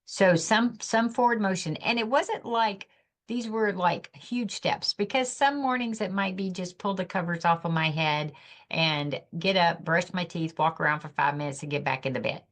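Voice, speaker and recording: A woman's voice: on the low side, moderate pace, a bit bright. A middle-aged woman, a podcast guest, telling her personal story of loss in an earnest, emotional, reflective way.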